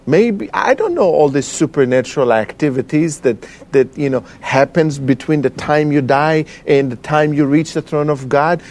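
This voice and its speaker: Man telling a halting testimony. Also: fairly high pitch, darkish tone. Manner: halting, emotional storytelling with many fillers. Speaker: guest. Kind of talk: personal testimony.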